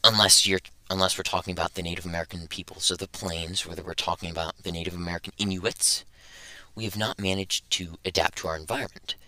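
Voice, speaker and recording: Young guy hosting a podcast, deep-ish voice, super bright tone, kinda rambly. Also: steady tone, quick pace, clear, resonant tone, no room sound, low-quality recording. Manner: rambling, thinks aloud with restarts. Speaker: podcast host. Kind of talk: casual podcast discussion.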